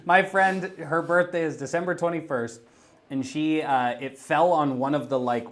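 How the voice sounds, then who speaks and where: The guest painter, chatting on a painting livestream from a gaming store, speaks in a fairly high, steady voice at normal speed. He rambles through a casual story with heavy use of "like".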